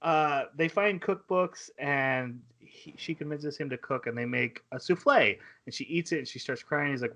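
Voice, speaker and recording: Bright-voiced man recapping an anime. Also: a little high. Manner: excited recapping with quick acted-out quotes. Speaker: podcast host. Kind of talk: casual anime podcast chat.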